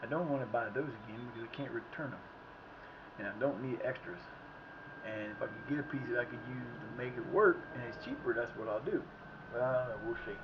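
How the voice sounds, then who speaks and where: A man's voice: medium pitch, brisk. Rambling man muttering over a game stream. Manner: rambling, muttering to himself, reacting loudly to plays. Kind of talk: casual live-stream commentary. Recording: slightly muffled with faint background noise.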